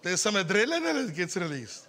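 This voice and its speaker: A high-voiced Afrikaans-accented pastor from South Africa preaches animatedly at a church service. He teases his listeners and slows his delivery whenever he wants to emphasize something.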